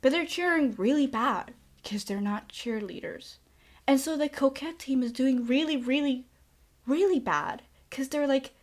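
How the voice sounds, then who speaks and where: Chatty young woman recapping a movie. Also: sits high. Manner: sarcastic, chatty, says like a lot. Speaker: podcast host.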